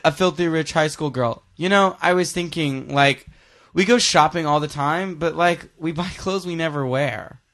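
A man hosts a loose podcast chat in a somewhat high voice, teasing his co-host and reading out one-liners. His tone is playful and offhand. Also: moderate pace, a bit bright. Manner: teasing, jokey, reads one-liners aloud.

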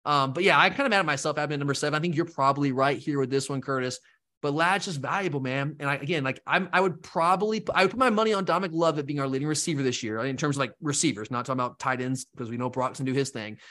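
A man co-hosting a sports podcast, talking fast and rambling, with lively asides. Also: mid-range voice. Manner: animated, rambling, mimics fans in quotes. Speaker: podcast co-host. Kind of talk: casual sports talk.

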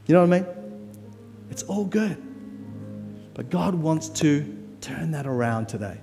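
A man delivering a guest sermon in a church, casual and emphatic, often pushing his voice high on key words. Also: lively intonation, unhurried, long pauses, dark tone. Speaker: guest preacher. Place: church hall. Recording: long church-hall reverb, faint music.

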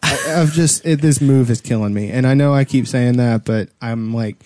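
Man, co-host, wry easygoing banter, warm and mellow tone. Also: medium pitch, normal speed, dry recording, studio quality. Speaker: podcast co-host. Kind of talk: casual chat.

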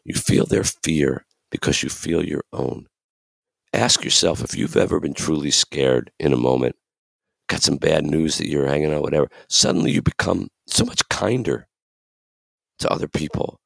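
Deep gravelly podcast host. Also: male voice, moderate pace, no room sound, studio quality. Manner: earnest, emphatic, acts out quoted voices. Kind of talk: reflective podcast talk.

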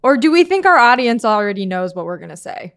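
A woman's voice: on the high side, big pitch swings, quick pace. A woman co-hosting a podcast, joking in a wry, upbeat, casual way. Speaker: podcast co-host.

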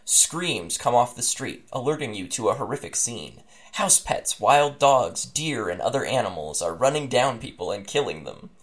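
A man's voice: medium pitch, moderate pace, hardly any pauses. A man co-hosting a casual podcast, laughing often and reading an interactive story aloud. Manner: laughing, animated reader.

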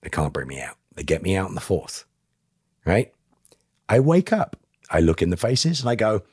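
A man, a podcast guest, telling a personal story in an animated way and acting out other people's lines. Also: deep voice, moderate pace, pauses often, slightly rough, no room sound, clean studio sound. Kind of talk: emotional storytelling.

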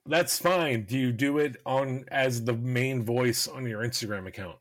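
A man with a middle-pitched voice hosts a podcast in a laid-back, joking way. He laughs often and swears casually. The recording is dry and close. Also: a little slow, a bit bright, no room sound. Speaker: podcast host. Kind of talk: casual chat.

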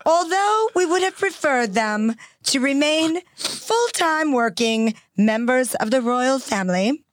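A woman's voice: high-pitched, animated, no echo. Woman impersonating an elderly queen, stately. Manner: measured, stately formal cadence. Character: the elderly Queen reading a formal royal statement.

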